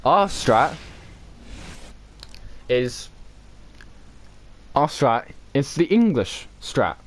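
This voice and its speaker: A man chatting casually while playing an online game with friends, excitable and swearing often as he explains the rules. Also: mid-range voice, drawn-out words, a little hiss or hum. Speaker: gaming channel host. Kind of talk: casual gaming chat with friends.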